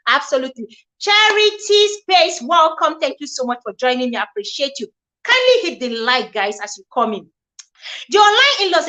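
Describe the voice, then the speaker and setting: A woman's voice: high-pitched, pushed and bright. A Nigerian woman hosting a live gossip stream, talking expressively, mixing in Pidgin and reading viewer comments aloud. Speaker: live show host.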